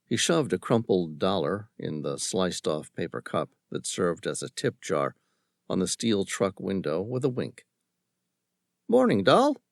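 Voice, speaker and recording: A male audiobook narrator reading a thriller novel in a measured, dramatic storytelling manner. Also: deep voice, animated, creaky, no echo, studio quality. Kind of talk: scripted narration.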